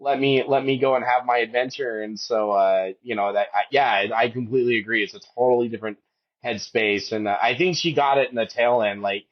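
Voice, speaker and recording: A man around fifty tells a podcast host about a long mountain hike. He talks at a middling pitch and rambles, often restarting his sentences. The audio is dull and lo-fi. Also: fairly even intonation, fairly quick. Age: 50s. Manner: rambling, with many restarts, and raises his voice high to quote his wife. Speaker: podcast guest, hiker. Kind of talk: emotional storytelling in a podcast interview.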